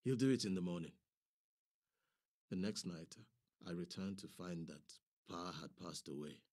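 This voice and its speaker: A man's voice: low voice, measured pace, a little mellow. A man performing a dramatic monologue as a nurse, telling a story vividly and switching between voices.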